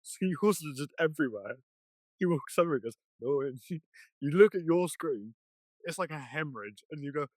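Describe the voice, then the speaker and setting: A man's voice: a little high, animated, moderate pace, no echo. A young man co-hosting a podcast, telling stories in casual chat, swearing a lot and acting out what people said. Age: young adult. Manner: swears a lot, acts out quotes. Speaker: podcast co-host.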